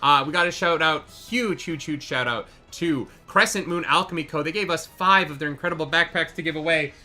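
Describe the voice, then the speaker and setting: A man narrating as game master in a live tabletop charity game, excitable and swearing freely. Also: on the high side, a little fast, faint music behind.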